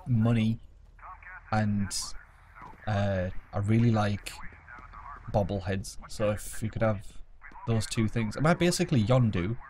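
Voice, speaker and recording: A man's voice: on the low side, unhurried, long pauses, darkish tone, slight background noise. A man playing a game at his home desk, joking, swearing and mocking himself as he plays. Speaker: let's play gamer. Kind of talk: casual gameplay commentary.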